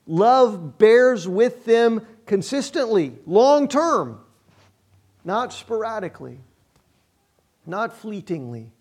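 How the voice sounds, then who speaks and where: A man's voice: high voice, big pitch swings, takes it slowly, a little mellow. A middle-aged male pastor preaching a sermon in a conversational, self-deprecating way, repeating phrases for emphasis.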